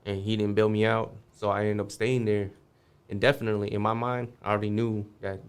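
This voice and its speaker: A man's voice: lowish voice, little pitch movement, a little fast, clear, resonant tone. A man guest on a podcast, telling a street story casually, swearing freely and acting out the voices of the people in it.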